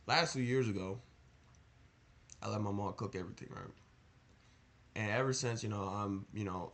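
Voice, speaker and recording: Speaking with a lowish, slightly bright voice, a young man offers easygoing motivational advice as a vlogger. He wanders earnestly from point to point and keeps asking rhetorical questions.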